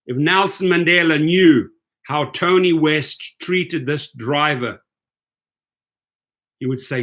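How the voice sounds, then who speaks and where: A man's voice: on the high side, fairly even intonation, measured pace, a bit bright. Indignant man ranting to camera. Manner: indignant, repetitive, keeps asking "right?". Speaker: rideshare video host. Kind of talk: impassioned commentary rant.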